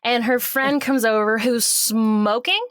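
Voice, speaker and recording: A woman's voice: fairly high pitch, fairly even intonation, unhurried, fairly bright tone, no room sound, clean studio sound. Playful woman recapping a movie. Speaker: podcast host. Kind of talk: casual movie chat.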